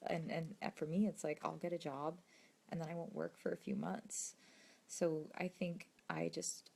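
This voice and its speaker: Young woman, actress, late-night livestream chat with fans, mellow, gravelly, soft and hesitant. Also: sits low. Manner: soft, hesitant, often drops to a near-whisper. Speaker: actress and video creator answering fans. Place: indoors at home late at night.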